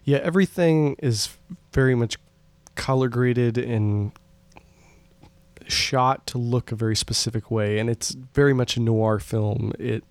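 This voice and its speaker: A man's voice: medium pitch, a little slow, no echo. A young man casually discussing a film, easygoing and agreeable with frequent ums. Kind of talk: casual film review chat.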